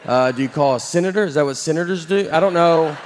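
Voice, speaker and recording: A man on stage doing stand-up, with a slightly high voice. He tells his stories in a dry, deadpan, self-mocking way. A faint hum of live ambience sits behind him. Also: fast, big-room sound. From Southern United States. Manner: deadpan storytelling with self-deprecating asides. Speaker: stand-up comedian. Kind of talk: stand-up comedy set.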